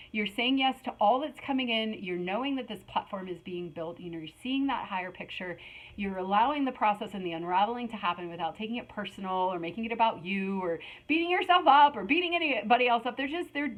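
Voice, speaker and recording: A middle-aged woman with a mid-range voice gives a casual spiritual tarot reading, rambling along with lots of fillers and restarts. The recording quality is rough.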